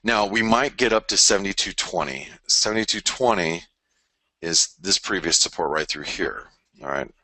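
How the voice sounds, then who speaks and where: Very deep-voiced man hosting a trading webinar. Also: lively intonation, normal speed, sharp tone, no room sound. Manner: chatty, many fillers and restarts, repeats key phrases. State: tired from an early start. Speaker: forex trading webinar host. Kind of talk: live market analysis, casual and rambling.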